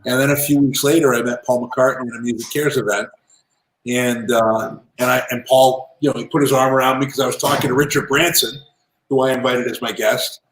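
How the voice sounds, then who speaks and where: A man telling lively business anecdotes as an interview guest, in a casual, animated manner. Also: mid-range voice, fairly quick. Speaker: guest, entrepreneur and author. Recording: roomy echo.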